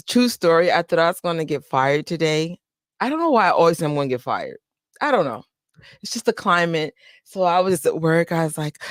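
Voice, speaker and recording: A young adult woman chats her way through a casual fan live stream at home, talking into a desk mic. She's excitable, greets viewers by name and laughs easily, and the sound is close and dry. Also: fairly low pitch, no echo. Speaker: fan channel host. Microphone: desk microphone.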